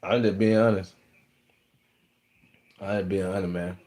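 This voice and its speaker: A man's voice: sits low, fairly even intonation, a little slow, a little mellow. A young man with a Texas Southern accent, hosting a live stream, rambling and bragging in slangy casual chat. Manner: boastful, rambling, slangy storytelling.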